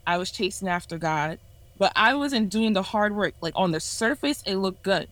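A woman's voice: mid-range voice, animated, moderate pace, fairly bright tone, no echo, rough recording. A woman in her twenties sharing a candid personal testimony on a podcast in an earnest, self-reflective way. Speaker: ministry leader sharing a testimony.

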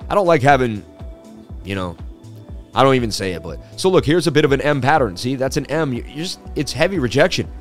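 A man's voice: medium pitch, very animated, brisk, faint music behind. Chatty man hosting a crypto livestream. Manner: chatty, reads viewer comments aloud. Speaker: crypto market livestream host. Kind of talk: casual livestream commentary.

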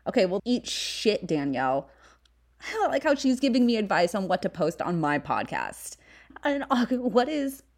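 A woman's voice: medium pitch, big pitch swings, moderate pace. A young woman from the San Fernando Valley with a Valley Girl accent, hosting a podcast in casual, candid, profane chat. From San Fernando Valley, California. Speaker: podcast host.

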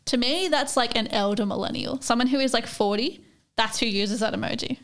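Young aussie woman chatting away, giggly, lots of likes, voice a bit high. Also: a little fast, a bit bright. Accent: Australian. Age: young adult. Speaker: podcast co-host. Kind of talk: casual chat.

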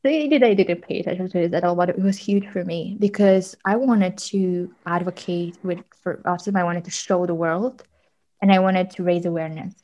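A woman working in media, a guest telling animated stories with frequent laughs and fillers in a casual interview. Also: on the low side, a little fast, low-quality recording. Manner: animated storyteller, laughs often, many fillers.

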